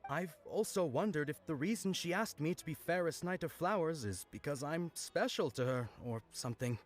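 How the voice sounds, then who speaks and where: An actor playing a bashful, earnest young knight who speaks hesitantly in game dialogue. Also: male voice, on the high side, lively intonation, normal speed. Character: shy young male knight, earnest and lovestruck.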